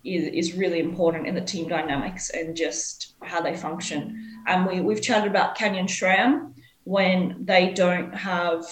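A woman's voice: on the low side, fairly even intonation, unhurried, reverberant, poor audio. A woman co-hosting a cycling podcast, a former pro rider chatting and telling stories from racing. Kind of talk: casual podcast chat.

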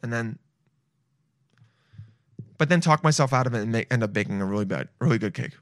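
A man's voice: mid-range voice, lively intonation, rapid-fire, no room sound. A young man streaming and reacting to videos in loose, swearing, self-mocking casual talk.

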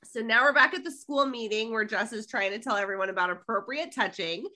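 A middle-aged woman co-hosts a casual podcast, walking through an episode scene by scene. Her voice sits a little high and rings bright. She slips into the characters' lines as she retells them. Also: brisk. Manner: animated storytelling, quotes lines from the show. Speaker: podcast co-host. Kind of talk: casual episode recap chat.

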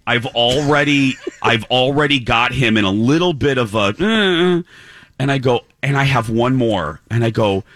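A man hosting a morning radio show, telling a self-deprecating story with lively, animated delivery. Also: medium pitch, normal speed, no echo. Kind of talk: casual morning radio chat.

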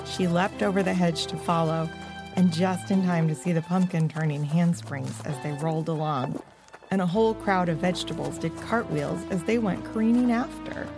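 A woman narrating a children's storybook in a gentle, expressive way. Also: on the low side. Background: music.

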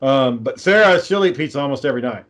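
A man's voice: medium pitch, animated, fast talker. A man in casual chat, telling long stories with many fillers and restarts.

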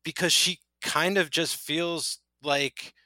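A man's voice: on the high side, steady tone, takes it slowly, pushed and bright, no echo. A man co-hosting a podcast, chatting casually and rambling with lots of filler words. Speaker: podcast co-host. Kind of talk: casual chat.

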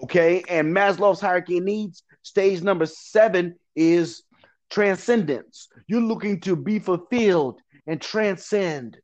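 A man's voice: sits high, a little slow, a little mellow, highs cut off. A man giving motivational advice as an interview guest, earnest and repetitive, preaching with frequent laughs.

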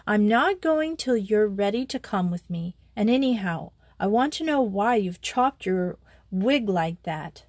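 A woman's voice: medium pitch, expressive, measured pace, darkish tone, no echo. A woman doing a blunt, bossy schoolgirl. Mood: firm. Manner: firm, scolding, no-nonsense. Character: brisk, blunt twelve-year-old English schoolgirl.

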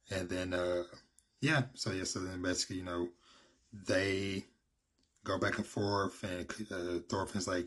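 A man's voice: sits low, level tone, a little slow, fairly bright tone. A man casually recapping a story, rambling with lots of fillers. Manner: rambling, many fillers like "you know" and "basically". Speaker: manga recap vlogger.

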